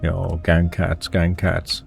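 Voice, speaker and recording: A man with a German accent streams a game, reading its dialogue aloud and making wry remarks as he plays. His voice is low and gravelly. Faint music plays behind him. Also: monotone, takes it slowly. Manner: wry asides while playing.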